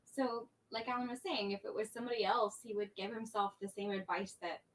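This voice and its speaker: A woman talking casually, off-mic, in a gentle and reasoning way. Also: medium pitch, steady tone, fairly quick, far from the mic, poor audio. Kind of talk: casual conversation. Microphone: off-mic, sitting low.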